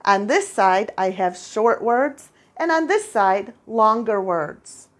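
A woman teaching first graders a spelling lesson, patient and clear, repeating each word for the children. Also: medium pitch, lively intonation, slow. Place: international school.

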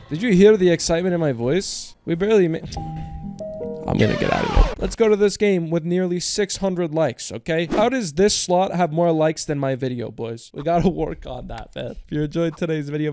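A fairly high-voiced man narrates his slot session in a loose, slangy way, calling his viewers bro and partner. He swears freely and leaps into shrill yelps whenever a win lands, with faint game music behind him. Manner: excitable, profane, bursts into high yells on big wins. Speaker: slot streamer. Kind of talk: casual gameplay commentary.

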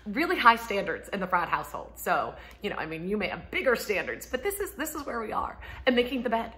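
A woman in her thirties, a homeschooling mom, chatting casually to camera from home, laughing often and acting out quotes in a higher voice. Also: sing-song, fast talker, pushed and bright. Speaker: homeschooling mom and ministry speaker.

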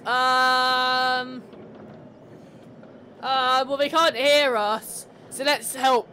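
A woman's voice: sits high, little pitch movement, extremely slow, pauses often, bright, forceful tone, slight background noise. A woman commentating her horror game playthrough, sarcastic, swearing and laughing at the characters. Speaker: gamer. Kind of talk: let's play commentary.

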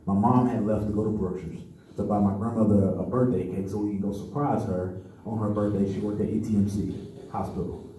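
Dark-voiced man speaking in an echoey room. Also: lowish voice, steady tone, fairly quick. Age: 30s. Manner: conversational storytelling, often checks in with "right?". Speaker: conference speaker. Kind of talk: personal testimony speech. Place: meeting room at a men's conference. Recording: echoey room, mic far off.

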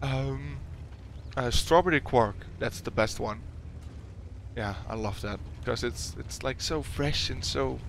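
Young man, Dutch accent, unhurried casual Q&A, giggly, halting fillers, faint background noise. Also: medium pitch, gravelly. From Netherlands. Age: young adult. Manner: giggly, reads questions aloud then answers with halting fillers. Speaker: YouTuber answering viewer questions. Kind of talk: casual Q&A chat.

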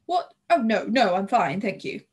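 A nervy, polite young gentleman who stumbles a little over his words, played by a woman in an audiobook. The voice stays breathy and mild. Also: mid-range voice, sing-song, moderate pace. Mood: flustered. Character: thin, unsettled young Englishman.

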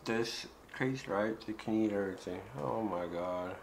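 Guy cracking jokes at game characters, lowish voice, casual gameplay commentary. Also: normal speed, a little hiss or hum, low-quality recording. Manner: joking, talks back to game characters. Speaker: gaming YouTuber. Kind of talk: casual let's-play commentary.

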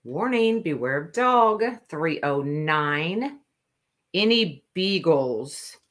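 A woman hosting a live stream to sell custom cups, talking casually and slowly with lots of ums. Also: low voice, animated, fairly bright tone. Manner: slow, drawling, many ums. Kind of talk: casual live sales chat.

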